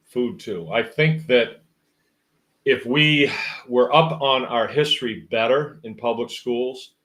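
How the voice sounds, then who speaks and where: A man's voice: mid-range voice, fairly bright tone. A man hosting a livestream, reading out viewer comments and musing in a rambling, wry, casual way. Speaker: host.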